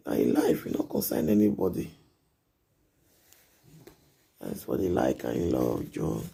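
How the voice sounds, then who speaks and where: Man, very husky, dark tone, scolding repetitive vlog rant. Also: low voice. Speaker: live-video vlogger. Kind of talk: late-night monologue to viewers.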